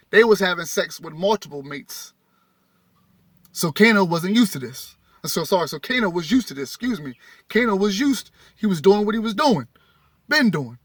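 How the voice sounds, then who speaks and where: Man, bright voice, reading aloud, preachy asides, rereads and self-corrects, dry recording. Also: high voice, expressive, normal speed, no echo. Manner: rereads passages, stumbles and corrects himself; addresses listeners directly in casual vernacular. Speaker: spiritual teacher reading and commenting.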